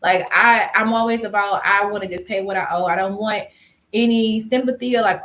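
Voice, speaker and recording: A woman's voice: mid-range voice, brisk. A young adult woman hosting a live stream on personal finance, telling a story casually and acting out what people said. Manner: animated storytelling, acting out quoted dialogue. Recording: roomy echo.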